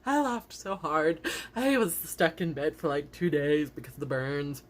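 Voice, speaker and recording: A woman's voice: sits low, unhurried. A young woman telling rambling, giggly stories straight to her camera in a casual vlog, with many "like"s. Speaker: vlogger. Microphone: camera facing her, seen on video.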